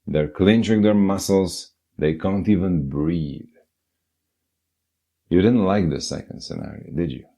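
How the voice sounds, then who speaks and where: A man's voice: low-pitched, a little slow, gravelly, dark tone. A man giving a scripted, earnest self-help narration and speaking directly to the listener.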